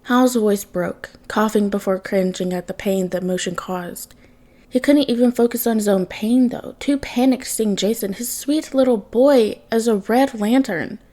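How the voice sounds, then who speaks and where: Mellow-voiced woman narrating fan fiction. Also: mid-range voice, normal speed. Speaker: podfic reader. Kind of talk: reading fan fiction aloud.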